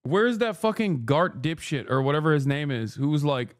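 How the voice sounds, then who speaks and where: A man's voice: a little high, sing-song, moderate pace, no room sound, clean studio sound. A man streaming live, giving heated, profane and sarcastic commentary while reacting to clips.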